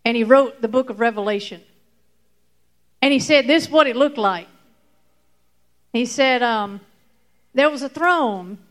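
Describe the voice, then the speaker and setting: A woman teaching a lively Bible lesson to children, acting out the story with fillers and bursts of excitement. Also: fairly high pitch, a little slow, pauses often.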